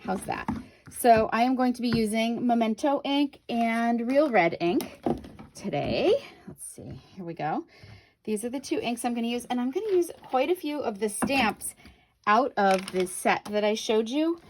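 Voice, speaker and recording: This woman's voice is fairly high and expressive, and she talks a little slowly over a noisy background. Working on a paper craft in front of the camera, she keeps up a chatty running commentary for viewers and corrects herself along the way. The camera picking her up sits on the craft table.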